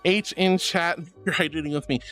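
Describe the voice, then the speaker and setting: A man's voice: on the high side, steady tone, normal speed, fairly bright tone. A man streaming as a VTuber, reading chat messages aloud and answering viewers affectionately, calling them sweetie and honey. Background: faint background music.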